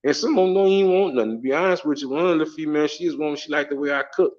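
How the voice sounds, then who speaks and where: A man's voice: a little high, rapid-fire, darkish tone, lo-fi sound. A middle-aged man from the States, telling stories in a profane, slangy, laughing way in a casual monologue. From Southern United States. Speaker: travel vlogger.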